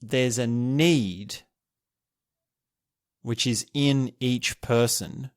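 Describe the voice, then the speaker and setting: A man hosting a podcast alone, musing and thinking aloud, restarting his sentences and chuckling softly as he reflects. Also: on the low side, dry recording, studio quality. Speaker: podcast host. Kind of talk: reflective solo podcast talk.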